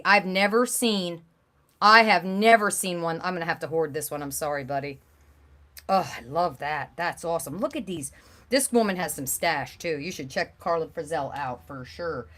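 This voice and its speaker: A woman hosting a craft livestream, chatting casually and gushing over pieces with bursts of excited exclamations. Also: mid-range voice. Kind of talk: casual chat while showing craft pieces.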